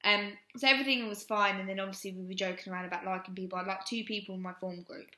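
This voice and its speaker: Young girl vlogging, bright clear voice, lots of ums, echoey room. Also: mid-range voice, fairly even intonation, quick pace. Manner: frank and rambling, with many "um"s. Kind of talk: personal storytelling. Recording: roomy echo.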